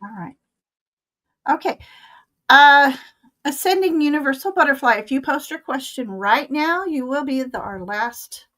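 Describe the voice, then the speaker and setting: Older woman, stream host, fairly high voice, unhurried, chatty, laughs often. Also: expressive, a bit bright. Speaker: tarot reader hosting a live stream. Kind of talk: casual live-stream chat.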